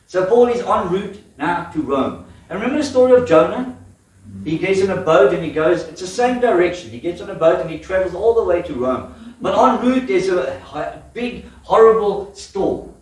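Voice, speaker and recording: A man's voice: sits high, expressive, moderate pace, darkish tone, recorded from a distance. A man preaching a sermon in a church, telling stories with laughter and questions to the congregation. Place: church hall. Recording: echoey church hall from afar.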